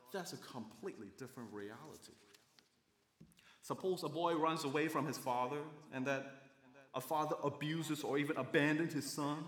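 A man's voice: medium pitch, fairly bright tone, roomy sound. A man preaching a sermon as a pastor, earnest and building emphasis, with occasional self-corrections.

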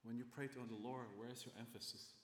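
A man's voice: medium pitch, fairly even intonation, brisk, a bit bright, a little hiss or hum. Earnest preacher man in an echoey hall. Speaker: pastor. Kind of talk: sermon.

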